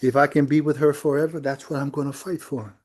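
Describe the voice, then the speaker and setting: Middle-aged guy pastor preaching in church, chatty storytelling, mellow dark voice. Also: on the high side, flat delivery, fast. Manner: conversational storytelling with quoted dialogue. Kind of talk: sermon.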